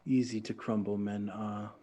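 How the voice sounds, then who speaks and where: A man's voice: fairly low pitch, little pitch movement, moderate pace, warm tone, natural voice. A man voicing a scheming female villain who talks down to others in a purring, patronizing way, sometimes dropping to a whisper. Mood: icy, condescending.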